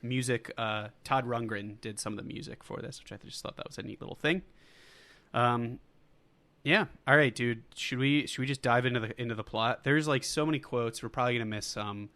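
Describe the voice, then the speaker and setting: A man's voice: medium pitch, steady tone, brisk, fairly bright tone. A young man co-hosting a podcast, chatting casually about a movie in an easygoing way, with fillers and false starts. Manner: easygoing, hesitant, with fillers and restarts. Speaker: podcast co-host.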